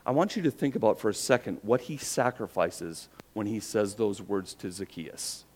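A man's voice: fairly low pitch, lively intonation, normal speed. Man preaching a storytelling sermon. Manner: storytelling, drops quiet for emphasis, rhetorical questions. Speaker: pastor.

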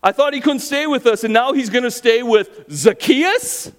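Bitter, grumbling crowd man put on by a preacher: high, loud, and outraged. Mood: indignant. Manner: outraged, rapid rhetorical questions.

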